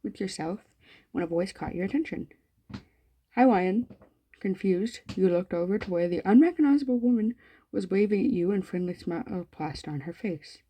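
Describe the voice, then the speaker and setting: A woman's voice: medium pitch, expressive, brisk, dark tone, breathy edge. A woman hosting a gaming channel, reading a visual novel aloud in a casual, chatty way, with slangy, swearing asides.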